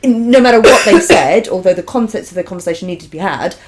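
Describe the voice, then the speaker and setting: A woman's voice: mid-range voice, expressive, fast talker, a crowd in the background. A woman co-hosting a TV reaction show, talking frankly and swearing casually. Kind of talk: casual chat reacting to a TV episode.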